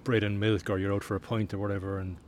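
Quick-talking male podcast host. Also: on the low side, level tone, darkish tone, slight background noise. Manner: friendly questioning, rambling lead-ins. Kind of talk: casual interview.

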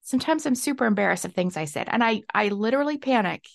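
A woman's voice: fairly high pitch, lively intonation, fast, creaky, no echo, studio quality. A young woman hosting a solo podcast, talking candidly and reflectively, often laughing at herself. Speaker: podcast host. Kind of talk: casual solo podcast talk.

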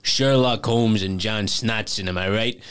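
A man's voice: lowish voice, measured pace, a bit bright, smooth. A man voicing a fawning male gangster henchman in a tabletop game, with a put-on New York gangster manner. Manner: fawning, tough-guy swagger.

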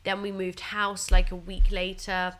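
A young woman speaking openly in a relaxed chat, full of fillers like "like" and "you know". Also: mid-range voice, a little slow. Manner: chatty and open, many fillers like "like" and "you know". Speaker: guest. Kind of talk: candid casual chat.

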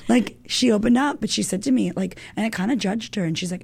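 A woman in her thirties, a women's coach, talking as a guest in an animated, emotional way, full of fillers and the odd swear word. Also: medium pitch, quick pace, vocal fry, slightly rough, dry recording. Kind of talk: casual chat.

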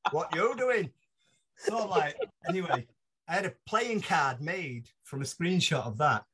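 A man, a podcast guest telling animated stories with casual swearing. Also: on the high side, unhurried, breathy edge. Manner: lively, laughs through his stories, swears casually. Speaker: podcast guest, mentalist blogger. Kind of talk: animated anecdotal storytelling.

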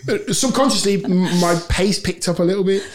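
A middle-aged man, a former footballer and podcast guest, telling a lively anecdote and often laughing. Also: sits high, fairly quick, a loud crowd. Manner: animated storyteller, laughs often, acts out quotes. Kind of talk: storytelling anecdote in a podcast interview.

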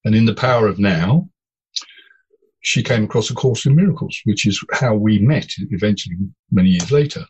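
A man, a podcast guest, telling personal stories in an animated, digressive way. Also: lowish voice, moderate pace, husky, highs cut off. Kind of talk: storytelling in casual conversation.

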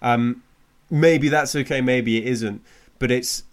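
A man in casual chat about comedy, talking fast with frequent laughs and restarts. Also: mid-range voice, steady tone. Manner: chatty, laughs often, restarts a lot. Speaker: podcast co-host.

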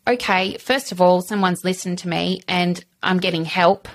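A woman's voice: on the low side, fairly even intonation, moderate pace. A woman, a podcast guest telling her story frankly, full of fillers. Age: 30s. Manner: chatty, frank, lots of fillers. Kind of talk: candid personal interview.

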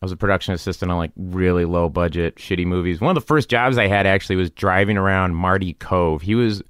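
A man in his thirties with a low, smooth, resonant voice, rambling through self-deprecating stories as a comedian guest. He is recorded in a garage studio, and the sound is dry and close. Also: fast, fairly bright tone, no room sound. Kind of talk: casual interview storytelling.

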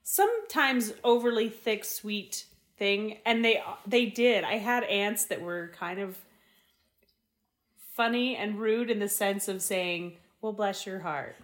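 A woman's voice: mid-range voice, slow. A woman co-hosting a podcast, chatting casually and explaining things earnestly, laughing easily. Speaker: podcast co-host. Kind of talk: casual chat.

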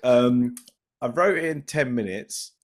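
A man's voice: medium pitch, unhurried. A man on a casual podcast, making wry jokes about himself. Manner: wry, joking. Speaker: podcast co-host and writer. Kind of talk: casual chat.

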